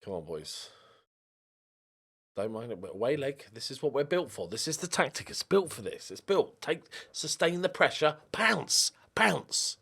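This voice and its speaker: A young man with a high-leaning, husky voice speaks briskly, barely pausing, while playing a football management game. His casual let's-play commentary as a gaming YouTuber is animated; he addresses the on-screen players and yelps in frustration.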